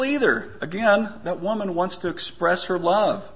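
A man giving a conversational sermon, often pausing with fillers and stumbling for words. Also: sits high. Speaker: preacher.

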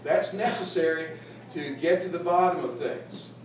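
A man's voice: fairly high pitch, normal speed. A male pastor preaching a folksy, humorous sermon, heard from a distance in an echoey room with faint noise. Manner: folksy, humorous, laughs at own jokes.

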